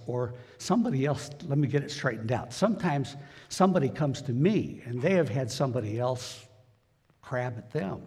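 This preacher's medium-pitched voice has a darkish, breathy quality, and a long reverb tail trails his words through the sanctuary. He talks directly to the congregation in a plain, folksy, conversational style.

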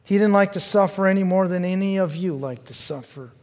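A male pastor preaching a sermon, asking the congregation questions and swinging from fervent pleading to quiet, low reflection. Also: fairly quick, big-room sound. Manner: earnest and questioning, rising to fervent pleading then dropping low.

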